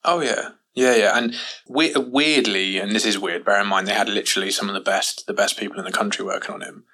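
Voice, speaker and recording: Guy, low bright voice, casual, gets animated doing other people's lines. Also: fairly quick, low-quality recording. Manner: animated, acts out quotes with rising pitch. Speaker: guest recounting an accident. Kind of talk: casual storytelling.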